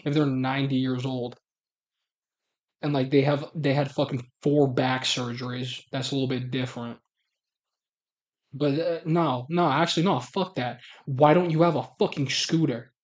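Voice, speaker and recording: A man's voice: mid-range voice, fairly even intonation, moderate pace, highs cut off. A man hosting a live stream, chatting casually in a profane, blunt way and laughing often.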